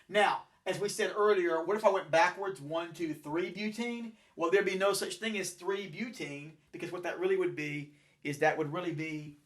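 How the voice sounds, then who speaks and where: Rambling male chemistry teacher. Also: on the high side. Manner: rambling, self-correcting, talks while building models. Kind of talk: classroom lecture with chalkboard and models.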